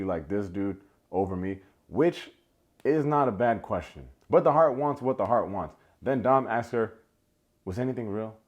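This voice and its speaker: A man, recapping a dating show with sarcastic, playful commentary and mock impressions. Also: fairly low pitch. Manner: sarcastic, playful, mimics people he quotes. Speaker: recap video host. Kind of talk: comedic reality show recap.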